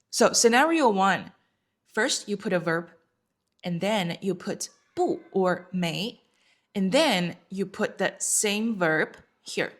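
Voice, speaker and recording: Lady teaching chinese, super slow and patient, says every word twice. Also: fairly low pitch. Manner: patient, repeats words slowly. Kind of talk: language lesson.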